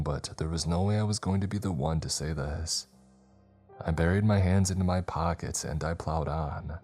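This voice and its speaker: A man narrating a scary story in a steady, measured storytelling manner. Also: a bass voice. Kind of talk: scripted horror narration.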